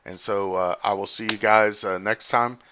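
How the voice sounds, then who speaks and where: A man hosting his own livestream and chatting casually. He rambles and thinks out loud with lots of fillers, talking fast as he reads comments. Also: lowish voice, fairly even intonation, dull audio, noisy background. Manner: talks fast while reading comments. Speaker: livestream host.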